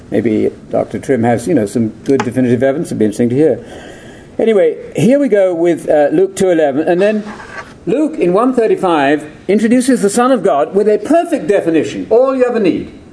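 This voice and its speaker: A man's voice: fairly high pitch, dark tone, a little hiss or hum. An older man giving a theological lecture, digressive and full of rhetorical questions.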